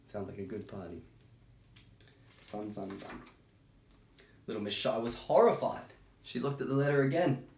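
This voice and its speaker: A man reading a children's picture book aloud, breaking off for chatty, gentle asides. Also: mid-range voice, lively intonation, moderate pace, creaky, pauses often, slight background noise. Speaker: storytime reader. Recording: roomy echo.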